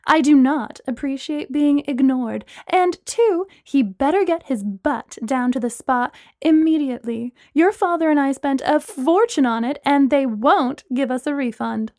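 A woman's voice: sits high, unhurried, hardly any pauses, warm tone, no echo, clean studio sound, pitched above the performer's own voice. A woman voicing a bossy, commanding mother speaking over a phone in a storybook reading. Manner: commanding, fussy.

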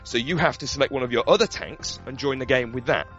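A man's voice: mid-range voice, fast talker, lo-fi sound, faint music behind. A man chatting casually about video games on a podcast, telling stories with lots of swearing and laughter. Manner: animated storytelling with swearing and laughter. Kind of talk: casual gaming chat.

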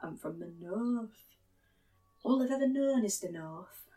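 A woman's voice: fairly high pitch, animated, unhurried, warm tone, recorded from a distance, faint music behind. A woman with a Northern English accent doing blooper takes of a mock advert read, giggling between lines. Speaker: voice actor.

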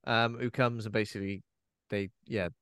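A man's voice: lowish voice, fairly even intonation, normal speed, a bit bright, smooth, no room sound, clean studio sound. A man co-hosting a podcast, talking about a film in a laid-back, casual way, often trailing off or asking questions. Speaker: podcast co-host. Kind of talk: casual chat recapping a film.

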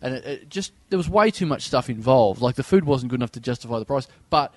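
A man's voice: medium pitch, fast talker, no echo. Australian man telling rambling travel anecdotes. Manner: rambling anecdotal storytelling, animated impressions. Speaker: comedian and podcast host. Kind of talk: casual podcast chat.

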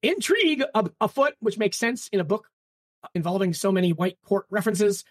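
A woman's voice: mid-range voice, lively intonation, brisk, dry recording, studio quality. Chatty woman podcast co-host. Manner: chatty, lots of "like" and restarts. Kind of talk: casual book-club chat.

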